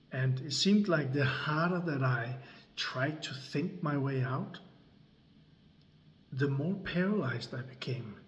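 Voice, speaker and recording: A man, telling a personal story slowly and deliberately, with long pauses between phrases. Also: medium pitch. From Denmark. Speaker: creator and coach. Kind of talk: slow dramatic storytelling.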